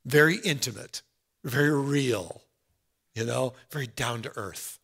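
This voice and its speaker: A man preaching a sermon in an earnest, conversational way, dropping soft and then rising loud. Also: mid-range voice, measured pace, vocal fry, husky.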